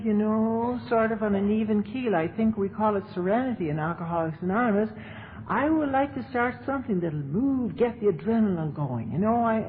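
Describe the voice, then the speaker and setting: A woman telling her recovery story to an audience as a speaker, in a chatty, humorous way. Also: medium pitch. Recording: tinny lo-fi tape with faint hiss.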